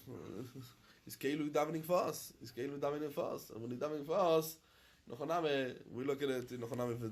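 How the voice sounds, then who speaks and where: A rabbi teaching a Talmud class to students, chanting the Aramaic text and then explaining it in English, often halting and repeating himself. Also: male voice, medium pitch. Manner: halting, with frequent restarts and repetition. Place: study hall in London.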